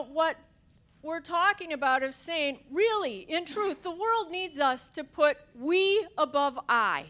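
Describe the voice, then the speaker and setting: A woman minister speaking earnestly on a panel, talking fast with occasional fillers. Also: sits high, fairly bright tone. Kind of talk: panel talk.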